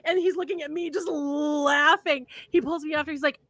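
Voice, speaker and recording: At a normal speed and with a high-sitting voice, a young female host tells stories on a casual livestream, laughing frequently. The audio has no echo.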